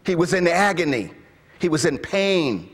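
A man preaching a sermon, reading scripture passionately and dropping his voice to a hush at times. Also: fairly high pitch, sing-song, in a large hall. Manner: impassioned, slows and drops to a hush when reading scripture.

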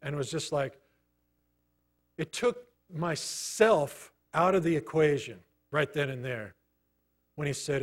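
A middle-aged man preaching a sermon, telling a personal story in a conversational way with many pauses. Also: a little high. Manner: storytelling, conversational, pausing often. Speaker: pastor.

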